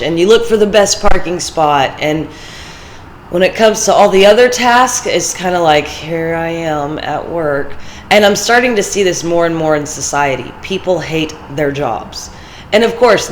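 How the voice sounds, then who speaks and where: A woman's voice: lowish voice, slight background noise, rough recording. A woman hosting a vlog, talking casually and motivationally, telling stories and laughing often. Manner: chatty storytelling, laughs often. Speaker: vlog host.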